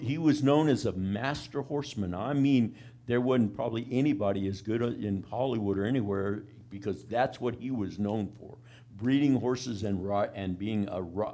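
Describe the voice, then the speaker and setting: A man's voice: mid-range voice, moderate pace, a little mellow. Folksy country preacher man, calling "amen?". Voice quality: plain country-boy way of talking. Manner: folksy, repeats "amen?" and "all right?" to the congregation. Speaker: pastor. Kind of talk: sermon.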